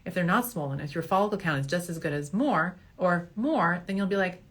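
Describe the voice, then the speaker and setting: A woman's voice: fairly low pitch, animated, fairly quick, hardly any pauses. A middle-aged woman fertility doctor answering viewer questions in a casual, joking way, laughing at her own slips. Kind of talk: casual Q&A show.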